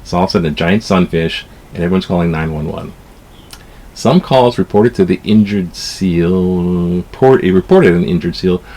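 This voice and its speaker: A man's voice: low voice, normal speed, dark tone, slight background noise. A man casually reading newspaper stories aloud, rambling into jokey asides and stumbling over words as he reads.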